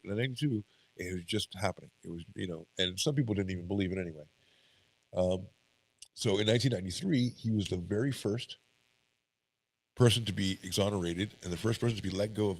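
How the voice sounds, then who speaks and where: A deep, gravelly man with a stuffy nose talks through a podcast episode, reading from notes and stumbling over words. He often breaks off to chat. His voice is close and dry, with no room sound. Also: no echo, low-quality recording. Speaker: podcast co-host. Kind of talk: casual podcast commentary, reading notes aloud.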